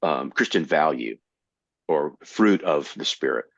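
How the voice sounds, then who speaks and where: A man in his sixties from Florida, a comedian guest telling animated stories in casual conversation. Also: rumbling low, a little slow, creaky, no room sound. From Tampa, Florida. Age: 60s. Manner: animated storyteller. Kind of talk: casual storytelling. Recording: dull, slightly lo-fi dry recording.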